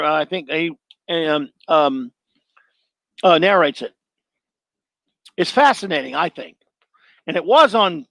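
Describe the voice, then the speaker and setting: Higher-voiced middle-aged man, blunt. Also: fairly bright tone, dry recording. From Louisiana. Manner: blunt and opinionated, rambling with restarts. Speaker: show host. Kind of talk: casual live-show monologue, answering chat.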